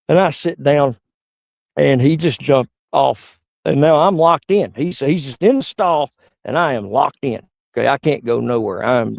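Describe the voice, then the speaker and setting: A middle-aged man doing stand-up, rambling through crude anecdotes and jumping into high yelps. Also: creaky, a little mellow, no echo. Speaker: stand-up comedian. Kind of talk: stand-up storytelling.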